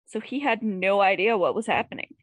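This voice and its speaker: A woman's voice: mid-range voice, a little fast, no echo. A woman co-hosting a casual podcast, giggly and playful, joking along. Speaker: podcast co-host. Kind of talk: casual chat.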